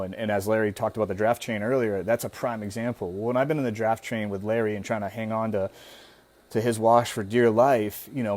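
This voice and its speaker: A man talking as guest host in a casual live-stream coaching talk, relaxed and conversational, now and then acting out an anxious inner voice. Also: fairly low pitch.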